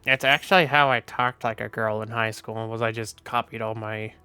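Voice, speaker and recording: Sleepy streamer guy rambling offhand, bright clear voice, dry close mic. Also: lowish voice, fairly even intonation, normal speed, no room sound, faint music behind. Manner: rambling, offhand, swears casually. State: tired, sleepy. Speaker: VTuber streamer. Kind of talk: casual stream chat.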